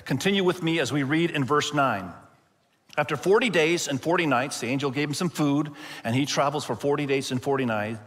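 A male pastor preaching a sermon, expressive and slowing down to stress key points. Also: fairly high pitch, big-room sound. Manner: expressive, slows down for emphasis.

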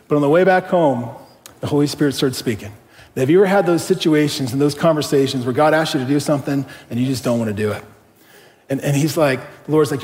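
Middle-aged male pastor, fairly high voice, chatty storytelling sermon, long church reverb. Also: brisk. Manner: conversational, animated, with rhetorical questions.

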